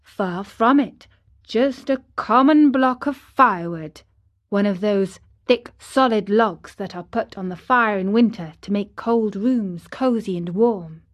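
A woman reading a classic children's story aloud in a gentle storybook narration. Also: medium pitch, takes it slowly, dull audio.

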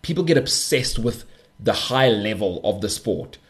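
A man hosting a sports talk show, giving emphatic, repetitive opinions in animated bursts. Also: lowish voice, a little slow. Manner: emphatic, repeats himself, animated rants. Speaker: podcast host.

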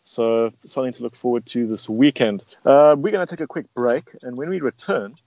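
A man's voice: medium pitch, expressive, brisk, darkish tone, no room sound, low-quality recording. Man hosting a motoring chat, easygoing and jokey, dry close sound. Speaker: show host. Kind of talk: casual radio chat.

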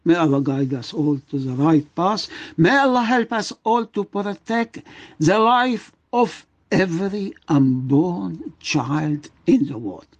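Older man, high voice, emotional and emphatic, repeats himself, muffled lo-fi sound. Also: expressive, slow pace. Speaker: guest doctor. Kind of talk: impassioned radio interview talk.

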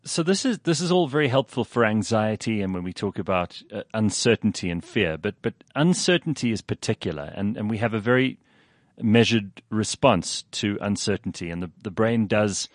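A man interviewing a guest, measured and thoughtful, often repeating words as he starts a point. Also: fairly low pitch, lively intonation, no echo, clean studio sound. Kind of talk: interview questions.

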